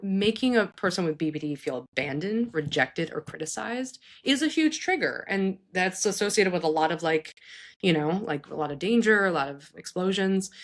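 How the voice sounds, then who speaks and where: A woman psychologist hosting a show, giving casual advice to parents in an earnest, animated way, often restarting her sentences. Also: lowish voice. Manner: earnest, animated, frequent restarts and self-corrections.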